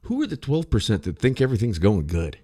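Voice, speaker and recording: A man's voice: on the low side, wildly swooping pitch, fast, mellow. A man ranting bluntly in casual podcast chat, swearing freely. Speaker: podcast co-host.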